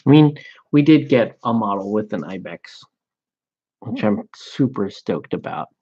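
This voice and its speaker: Laid-back man painting miniatures, gravelly dark voice, slow jokey chatter, swears casually. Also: on the low side, animated, dull audio. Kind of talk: casual chat while painting.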